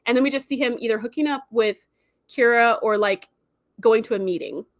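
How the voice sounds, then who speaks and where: A woman's voice: a little high, fairly quick, no room sound, studio quality. A woman hosting a livestream, chatting casually and acting out characters' lines as she retells an episode. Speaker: livestream host.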